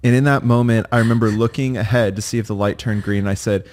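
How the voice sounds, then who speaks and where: A man's voice: on the low side, fairly even intonation, fast talker, hardly any pauses, a little mellow. A man co-hosting a podcast, telling stories in a playful, teasing way and laughing often. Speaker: podcast co-host. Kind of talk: casual chat.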